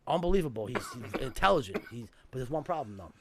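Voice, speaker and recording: A man's voice: mid-range voice, sing-song, fast, a crowd in the background. A man telling a story in casual podcast chat, emphatic and profane in a street style.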